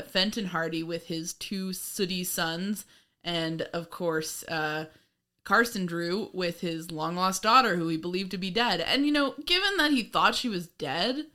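Bright-voiced woman, animated and sweary. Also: on the low side, measured pace. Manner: animated, laughing, sweary, acts out lines. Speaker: podcast co-host. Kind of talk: casual recap chat.

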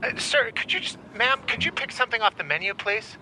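A man's voice: extremely high pitch, lively intonation, brisk, bright, forceful tone, a little hiss or hum, pitched above the performer's own voice, full character voice, poor audio. A man voicing a flustered, polite male drive-thru worker who patiently repeats back orders. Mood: polite confused.

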